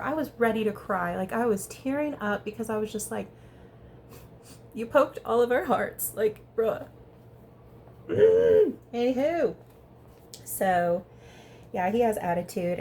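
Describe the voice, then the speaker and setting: A woman giving a casual, chatty recap of a reality show episode, talking fast and peppering her speech with "like". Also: medium pitch, slight background noise. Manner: chatty, animated, heavy use of "like". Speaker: reality TV reviewer.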